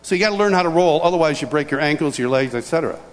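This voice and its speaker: Older storytelling preacher in a reverberant hall. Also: male voice, a little high, very fast. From upstate New York. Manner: animated personal storytelling with chuckles and restarts. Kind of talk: sermon storytelling.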